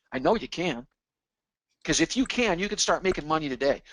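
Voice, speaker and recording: A man's voice: fairly high pitch, animated, fairly quick, fairly bright tone, no echo, low-quality recording. A man presenting a sales training webinar, pumped up and pushy, hammering his points home by repeating them.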